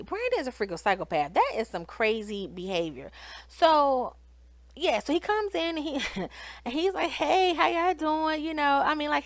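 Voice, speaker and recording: A woman's voice: medium pitch, no room sound. A woman, chatting animatedly to her viewers as she recaps and reviews a reality TV episode. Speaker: TV show reviewer. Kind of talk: casual recap commentary.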